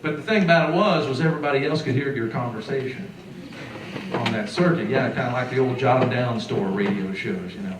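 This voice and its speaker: A middle-aged man from southeastern Illinois telling a story to a live audience, acting out the quotes in a lively, folksy way. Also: medium pitch, a little fast, noisy background. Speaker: musician and folklorist. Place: lecture hall. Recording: echoey hall recorded from far off.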